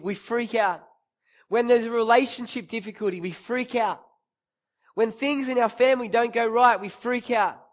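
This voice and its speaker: Brief: male preacher, high voice, storytelling sermon that swells to emphatic peaks. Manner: storytelling with acted-out quotes, rising to emphatic peaks.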